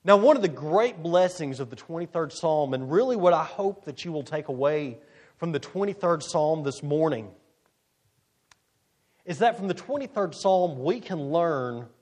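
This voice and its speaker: A man preaching a sermon, reading scripture slowly and deliberately with strong emphasis. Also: a little high. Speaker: pastor.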